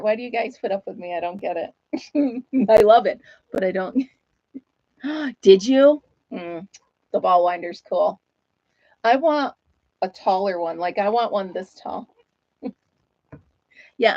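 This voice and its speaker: A woman's voice: fairly high pitch, no echo, highs cut off. A woman hosting a casual live-stream chat, talking in a chatty, self-deprecating way and laughing often.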